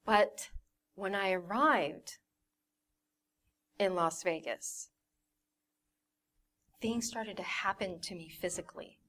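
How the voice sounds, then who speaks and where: A woman's voice: mid-range voice, takes it slowly, pauses often, fairly bright tone. A young woman giving a personal testimony in a candid way, acting out her family's voices as she tells it. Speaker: church member giving a testimony.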